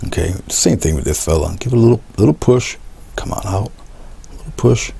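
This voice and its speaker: A man teaching a painting demonstration, talking relaxed as he paints, repeating short coaching phrases and often trailing off into a murmur. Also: low-pitched, moderate pace, gravelly, pauses often, a little hiss or hum. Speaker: art instructor.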